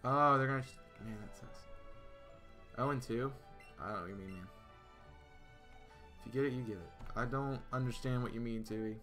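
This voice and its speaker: A streamer's bright, forceful male voice sits in the mid-range and moves at a moderate pace, pausing often, as he gabs casually with his live chat mid-game. He rambles through stories, answers viewers, and stumbles over fillers and restarts, with faint music underneath.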